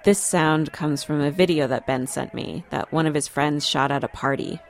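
A woman reporter telling a story in measured, scripted radio narration. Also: low voice, noisy background.

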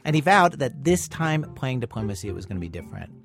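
A man's voice: medium pitch, very animated, fast talker, creaky, soft background music. Wry man narrating a radio story. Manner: wry, conversational narration with playful asides. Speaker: radio show host.

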